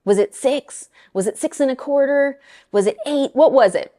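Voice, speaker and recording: A middle-aged woman mortgage lender talking casually to her viewers, blunt and animated, often exasperated. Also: fairly high pitch, moderate pace.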